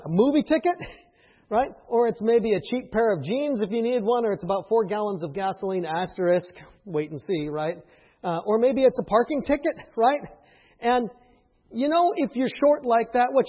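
A man's voice: high voice, breathy edge. A man preaching a conversational sermon, often checking in with the listeners and laughing between his points. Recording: dull, echoey hall sound.

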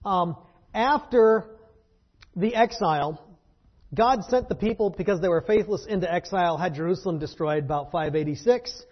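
Man, Bible teacher, slightly high voice, husky, wry and conversational, dull lo-fi sound. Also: normal speed. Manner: conversational and wry, with fillers and rhetorical questions. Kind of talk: informal Bible lesson to a group.

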